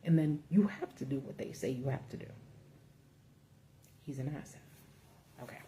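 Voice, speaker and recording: A woman's voice: rumbling low, normal speed, background noise. A woman hosting a casual livestream, ranting bluntly with profanity from notes at home under a ring light. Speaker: political commentary host.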